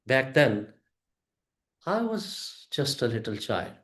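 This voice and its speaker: A man giving a prepared storytelling speech to a club audience, with a deliberate delivery, pauses and emphatic rises. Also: fairly high pitch, huge pitch swings, fairly bright tone, roomy sound.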